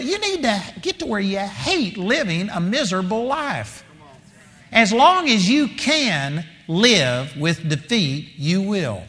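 A middle-aged man preaching a sermon, moving between hushed storytelling and loud, impassioned exhortation. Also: sits high, very animated, measured pace. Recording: long hall reverb.

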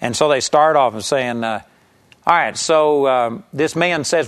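A man with a medium-pitched, animated voice preaches an earnest sermon at a normal speed. He teaches emphatically from scripture and uses a story to drive his point home.

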